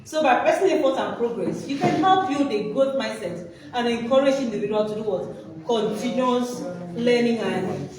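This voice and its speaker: Speaking at normal speed in a slightly high, slightly mellow voice with lively intonation, a woman leads a workshop and prompts listeners to fill in her sentences. A distant mic captures her in an echoey hall amid background noise.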